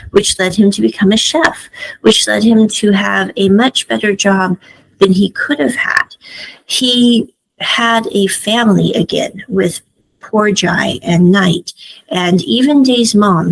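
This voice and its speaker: A woman's voice: mid-range voice, creaky, poor audio. A woman giving a casual, chatty spoken review of a drama series, retelling scenes with frequent asides.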